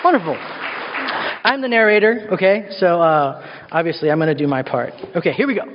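A worship pastor gives a sermon in a church sanctuary, his voice sitting high for a man. He tells the story with animated, playful asides. The sound is dull, with a long hall reverb trailing behind. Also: brisk, a crowd in the background, background noise.

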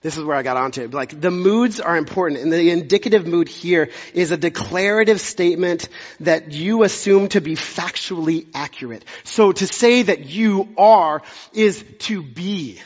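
A man's voice: high voice, normal speed. A young man, a pastor preaching a conversational, self-deprecating sermon with jokey asides. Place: church sanctuary. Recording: dull sound with long hall reverb.

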